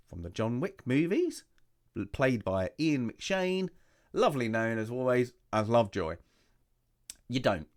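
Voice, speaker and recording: A man hosting a casual review, rambling and chatty, full of rhetorical questions and asides, his voice still recovering from loss. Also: mid-range voice. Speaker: host.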